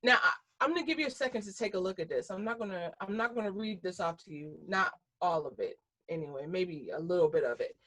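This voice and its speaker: A woman's voice: on the low side, lively intonation, fast, a bit bright. A middle-aged American woman giving a conversational keynote presentation over a webinar, speaking with frequent fillers and restarts.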